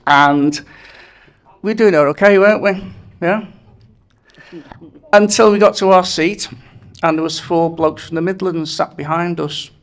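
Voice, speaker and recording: A man delivering a wedding speech in a fairly high voice, spinning one anecdote after another to a reception crowd. He chuckles at his own punchlines as he goes. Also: measured pace.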